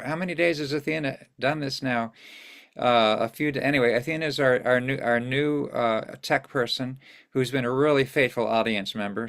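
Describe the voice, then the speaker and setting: A man's voice: mid-range voice, gravelly, fairly bright tone. An older man hosting an online song series over a video call, greeting viewers in a chatty, rambling way and losing his place now and then. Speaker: host of an online singing series. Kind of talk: casual greetings to a live online audience.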